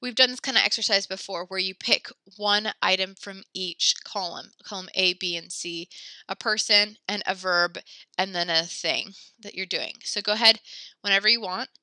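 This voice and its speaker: A woman's voice: mid-range voice, steady tone, moderate pace, pushed and bright, no echo. Pregnant woman teacher, slightly breathless. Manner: patient, encouraging, mixing English and French. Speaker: French teacher. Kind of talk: online class instruction.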